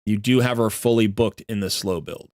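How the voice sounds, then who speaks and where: Fairly low and a little mellow, this man's voice stays fairly even in intonation at a normal speed, recorded studio-clean with no room sound. He rambles chattily on a live stream as he goes through a viewer's game account, frequently correcting himself.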